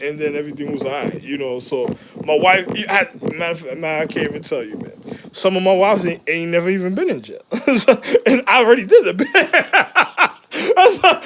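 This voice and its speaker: A man in a rambling, profane monologue, full of street slang, jumping between loud laughing outbursts and low mutters. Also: background noise.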